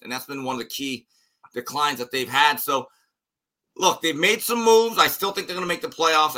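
A man's voice: medium pitch, pushed and bright. A man giving blunt, emphatic and sarcastic opinions as a guest analyst on a sports talk show.

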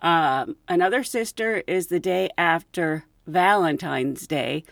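A woman hosting a podcast, telling stories from her work as a flight attendant in an animated way and often laughing. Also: fairly low pitch, slow pace, vocal fry, no room sound, studio quality. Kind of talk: anecdotal storytelling.

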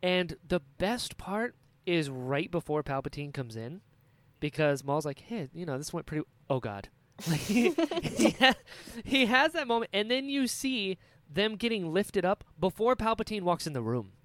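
A man co-hosting a fan podcast, ranting excitedly in casual chat. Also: sits high, a little slow, dry recording. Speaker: podcast co-host.

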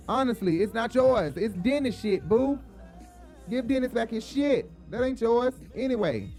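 A man's voice: sits high, darkish tone. A man giving blunt, profane, sassy commentary while reacting to a reality show.

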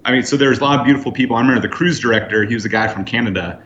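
Man telling lively stories, roomy sound. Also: mid-range voice, very fast, a little hiss or hum. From United States. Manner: lively anecdotes with acted-out quotes. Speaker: guest. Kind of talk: storytelling in a podcast interview. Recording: roomy, slightly dull sound.

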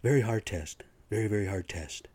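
A man's voice: lowish voice, brisk, a little mellow, husky, no echo. A man mocking a boastful male politician. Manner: repetitive, boastful. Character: boastful male politician bragging about a test.

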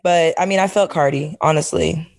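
A woman's voice: sits low, fairly even intonation, moderate pace, darkish tone. A woman co-host giving opinionated advice in slangy casual chat, with many fillers. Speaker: podcast co-host.

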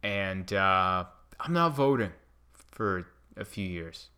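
Male comedian host, bright and animated, riffing casually. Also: deep voice, takes it slowly, clean tone. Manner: animated, self-mocking storytelling.

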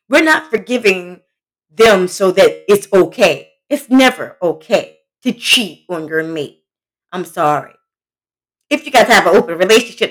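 A woman hosting a solo podcast, giving relationship advice in a blunt, emphatic, conversational way and talking straight to her listeners. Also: fairly low pitch. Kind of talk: casual solo podcast talk.

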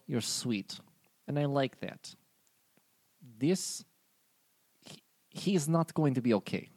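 A woman's voice: rumbling low, dark tone, no echo, full character voice. A man putting on a curt, commanding sorceress. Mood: stern. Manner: curt, halting orders. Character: brusque woman who puts people to sleep.

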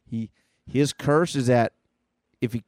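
A man's voice: medium pitch, slow pace, darkish tone, no room sound. Man hosting a casual comics podcast, eager and chatty, mid-range voice. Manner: enthusiastic, retelling a comic aloud. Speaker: podcast co-host. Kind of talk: casual chat.

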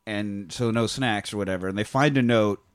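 A man's voice: fairly low pitch, moderate pace, clean tone, no room sound, clean studio sound. A man co-hosting a casual podcast, rambling and laughing as he retells a comedy film scene by scene. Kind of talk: casual chat.

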